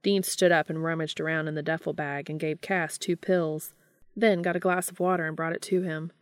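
A woman narrating a fan fiction audiobook in a calm, even storytelling manner. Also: low-pitched, brisk, no echo, clean studio sound.

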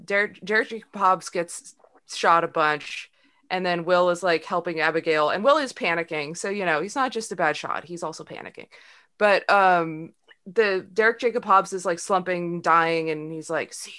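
A woman's voice: fairly low pitch, sharp tone. A woman co-hosting a podcast, chatting casually with many fillers and frequent laughter as she recaps a TV episode. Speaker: podcast co-host.

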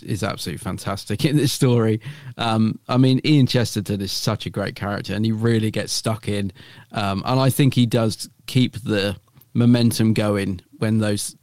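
A man's voice: on the low side, darkish tone, no room sound, clean studio sound. A man co-hosting a podcast, chatting casually and rambling a little, with many fillers and restarts. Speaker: podcast co-host.

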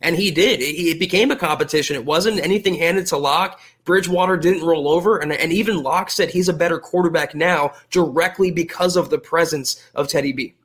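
Man, sports reporter, measured analytical talk, slightly high pitch. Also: a bit bright. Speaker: sports reporter and podcast co-host.

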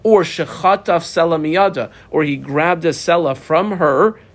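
A man's voice: a little high, unhurried. A man teaching Talmud in a casual lecture, reading through the text in a folksy way and mixing in Hebrew and Aramaic terms.

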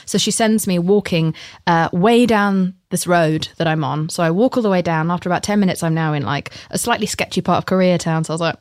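A woman's voice: on the low side, quick pace, darkish tone, no room sound, clean studio sound. A woman with an English accent, a guest actress telling stories in a candid, casual chat. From England. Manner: candid storytelling, frequent swearing.

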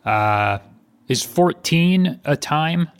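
A middle-aged man co-hosting a comedy podcast, deadpan and playfully literal. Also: a little high, very slow, clean tone, dry recording. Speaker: podcast co-host. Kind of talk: improvised comedy podcast chat.

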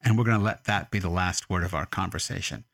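A man interviewing an author in a calm, thoughtful manner, at times reading quotes aloud. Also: low-pitched, quick pace, gravelly, dry recording. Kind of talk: radio interview.

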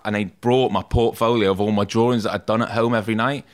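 A man's voice: on the low side, fairly even intonation, fast. A man, a tattoo artist, telling stories from his school days in a casual podcast interview, often saying "mate" and "like". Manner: chatty, self-deprecating, says "mate" and "like" a lot.

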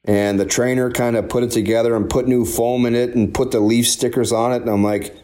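Candid, rambling former hockey player. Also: male voice, medium pitch, fairly even intonation, a little fast, hardly any pauses, a little mellow. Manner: candid, rambling, repeats himself. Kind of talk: emotional interview conversation.

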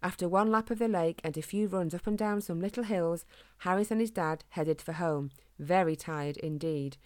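A woman narrating a children's storybook in a calm, gentle way. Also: fairly low pitch, normal speed, no room sound, clean studio sound. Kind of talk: storybook reading.

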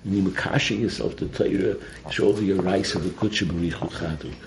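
A man's voice: deep voice, quick pace, background noise. A man giving a Torah talk full of stories, mixing in Yiddish and Hebrew terms. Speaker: Torah teacher.

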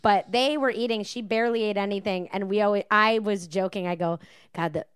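Animated storytelling woman, dry sound. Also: medium pitch, brisk, clear, resonant tone, no echo. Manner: animated storyteller who acts out customers. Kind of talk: casual chat.

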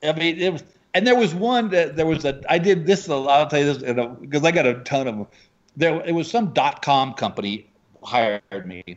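A man from Texas, a stand-up comedian telling animated stories about his gigs in a casual chat. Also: on the high side, brisk, dull audio. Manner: animated storyteller, acts out quoted voices.

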